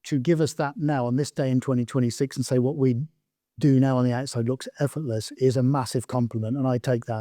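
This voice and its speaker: A man's voice: medium pitch, warm tone, dry recording, studio quality. A man co-hosting a casual podcast chat, earnest and reflective as he picks up on what others say. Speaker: podcast co-host, artist.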